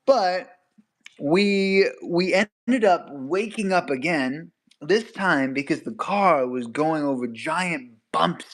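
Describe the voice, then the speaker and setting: A young man telling a story in casual chat, animated, laughing as he goes and acting out quotes with sudden jumps in pitch. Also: slow.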